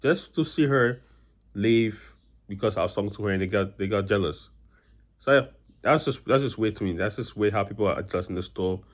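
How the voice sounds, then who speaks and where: Speaking a little fast in a fairly low voice, a young man rambles through personal stories to camera. His casual vlog is peppered with restarts and "you know" fillers.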